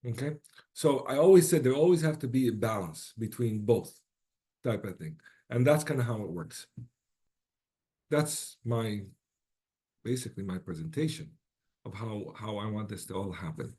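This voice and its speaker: A man with a lowish, warm, animated voice, slightly worn out, wraps up an online presentation at normal speed. He's informal and encouraging, pausing often, restarting frequently, and checking in with rhetorical "right?"s.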